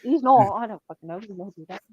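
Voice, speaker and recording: A woman, telling shop stories in a blunt, sweary, deadpan way. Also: mid-range voice, quick pace, husky, no echo. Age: 20s. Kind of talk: casual chat. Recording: dull lo-fi dry sound.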